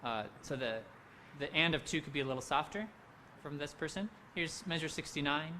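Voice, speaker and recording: A man leading a handbell rehearsal, coaching players through measures and singing the rhythms on nonsense syllables in a relaxed, encouraging way. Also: fairly high pitch, brisk, slight background noise. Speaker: handbell director. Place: home, recorded for a virtual event.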